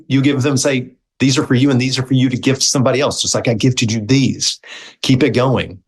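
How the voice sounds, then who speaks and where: A middle-aged man, a guest on an interview show, telling his story in a casual, animated way and acting out the quoted dialogue. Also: medium pitch, poor audio. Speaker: guest, movement founder.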